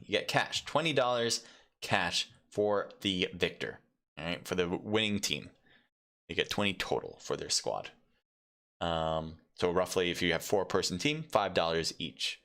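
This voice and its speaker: A man casting a live mobile esports match solo, chatty and rambling, with lots of fillers and sudden bursts of excitement. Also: deep voice. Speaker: esports caster and streamer. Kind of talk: solo live game commentary.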